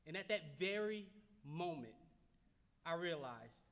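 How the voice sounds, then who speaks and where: A man's voice: a little high, lively intonation, slow, a bit bright. A man in his thirties from Baltimore giving a motivational keynote, telling a story in an earnest way, repeating phrases for emphasis and often restarting his sentences. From Baltimore, United States. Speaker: keynote speaker. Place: large banquet hall. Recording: long hall reverb.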